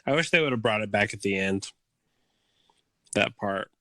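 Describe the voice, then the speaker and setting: A man's voice: fairly low pitch, animated, normal speed, bright, forceful tone, no room sound. A man co-hosting a casual music podcast, thoughtful and analytical, with many fillers. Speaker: podcast co-host.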